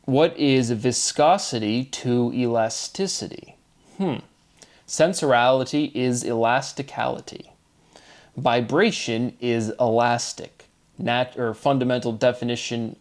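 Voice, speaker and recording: A man delivering a rambling solo monologue, self-deprecating and wordplay-driven, switching between quick asides and slow, drawn-out terms. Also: medium pitch. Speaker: video creator.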